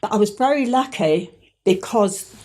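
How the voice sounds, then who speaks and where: A woman with a Cockney accent, a private investigator telling stories in a casual chat as a guest, chatty and animated with hesitant restarts. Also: mid-range voice, moderate pace.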